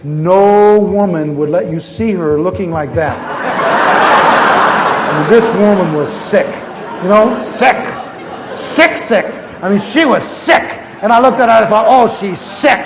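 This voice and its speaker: A man teaching a class as a pastor, telling humorous stories from his own life in an animated, joking way and acting out his old prayers. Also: sits high. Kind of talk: humorous storytelling lecture. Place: large church conference hall. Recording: live hall recording with long reverb and faint hiss.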